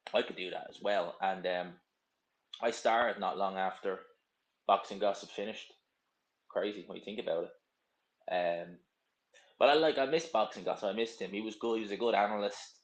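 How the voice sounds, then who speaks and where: A young man hosts a casual live stream, reading viewer comments aloud and answering them in a blunt, rambling, opinionated way. His voice is lowish, the sound is roomy, and the audio quality is poor.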